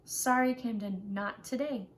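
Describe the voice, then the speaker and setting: A woman voicing a peaceful, gentle male captain character who soothes an upset child with patient reassurance. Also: a little high, unhurried, slight background noise, lightly acted. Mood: gentle, firm.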